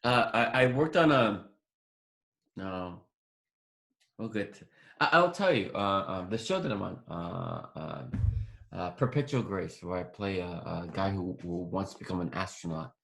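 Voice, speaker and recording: A man's voice: low-pitched, animated, a little slow, vocal fry, fairly bright tone. A man in his forties, a guest actor telling a long story in an interview, restarting sentences and acting out what people said. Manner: rambling, restarts often, acts out quoted dialogue.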